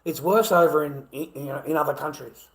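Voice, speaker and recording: A man's voice: on the high side, a little fast, creaky. A man with an Australian accent delivering a blunt, profane rant, full of swearing and repeated phrases. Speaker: vlogger. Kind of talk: angry ranting monologue. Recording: echoey room.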